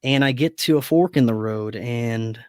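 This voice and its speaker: A man guest on a podcast, recounting a personal experience in a casual, animated way and acting out the dialogue. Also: medium pitch, moderate pace, clear, resonant tone, dry recording, studio quality. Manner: animated, acts out quoted dialogue. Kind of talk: casual storytelling.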